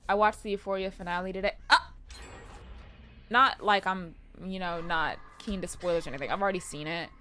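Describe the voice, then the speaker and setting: A woman's voice: fairly low pitch, fast, slight background noise. Chatty young woman game streamer. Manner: excitable, chatty, swears, answers chat. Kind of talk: casual live-stream chat while gaming.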